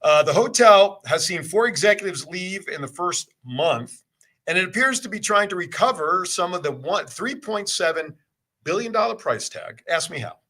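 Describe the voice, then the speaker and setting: A male talk show host with a bright, slightly husky voice that moves up and down a lot. He cracks jokes with his guest and reads news stories in a playful way. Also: sits high, lively intonation, normal speed. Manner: wisecracking, reads news items aloud. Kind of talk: casual interview chat.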